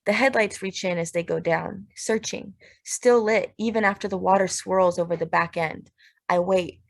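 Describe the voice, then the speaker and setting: A woman narrating a literary audiobook in a steady, measured, plain way. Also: medium pitch, vocal fry.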